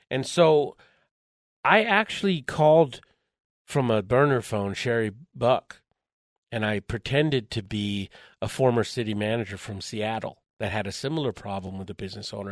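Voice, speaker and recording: A man being interviewed, telling a story in lively conversation, acting out the voices in his quotes and chuckling along the way. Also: mid-range voice, moderate pace, dry recording, studio quality. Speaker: interview guest.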